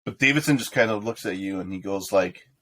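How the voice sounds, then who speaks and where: Laid-back game master, lowish voice. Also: male voice, brisk, bright, forceful tone. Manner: casual narration with slangy character lines. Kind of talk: narrating a tabletop game.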